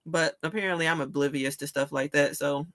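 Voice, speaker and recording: A woman hosting a casual chat, telling stories in an animated way, laughing often and swearing casually. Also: sits low, a little fast. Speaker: show host.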